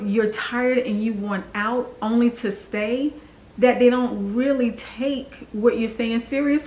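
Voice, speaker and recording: In a roomy, low-quality recording, a vlogger in her forties with a fairly high voice shares her personal story with the camera. She is earnest and confiding, acting out the voices of people she quotes.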